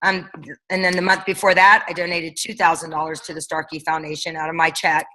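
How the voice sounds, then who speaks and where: A woman's voice: low voice, flat delivery, fairly quick, bright, forceful tone, low-quality recording. A woman coaching her team on a leadership call, talking casually and energetically, firing off rhetorical questions. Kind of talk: motivational coaching talk.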